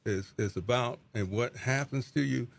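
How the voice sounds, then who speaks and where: Gravelly middle-aged pastor, earnest. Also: male voice, mid-range voice, moderate pace. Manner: earnest, repeats words as he searches for them. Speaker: pastor and interview guest. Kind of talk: reflective testimony.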